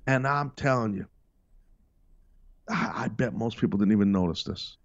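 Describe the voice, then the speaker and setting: A man's voice: fairly low pitch, animated, moderate pace, dry recording. A man hosting a podcast, speaking in a rambling, emphatic monologue that often breaks off and restarts. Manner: rambling, emphatic, self-interrupting. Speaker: podcast host and wrestling commentator. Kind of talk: casual monologue. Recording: dull lo-fi dry sound.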